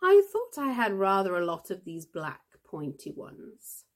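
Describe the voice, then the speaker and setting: Woman doing a crafty old witch woman, rustic dialect, arch and drawling, slow audiobook reading. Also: medium pitch, wildly swooping pitch. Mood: sly. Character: sly folksy old witch woman, feigning innocence.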